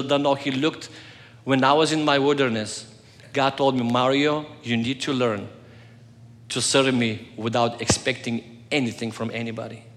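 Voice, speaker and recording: Man, pastor, sermon, earnest storytelling, bright tone, long hall reverb. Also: medium pitch. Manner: earnest storytelling, swings between loud and soft.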